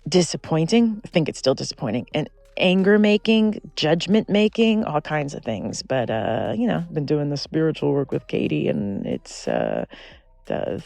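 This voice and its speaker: A man's voice: fairly high pitch, vocal fry, a little mellow, no room sound. A man in his forties whispering outdoors in a redwood forest, rambling and self-deprecating. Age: 40s. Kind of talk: casual whispered vlog monologue.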